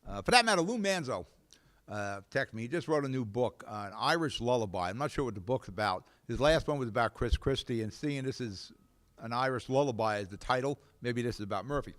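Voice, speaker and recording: A man hosts a local politics talk show, offering blunt, opinionated commentary that rambles and is peppered with fillers. His mid-range voice is lively in intonation, somewhat bright and a touch fast.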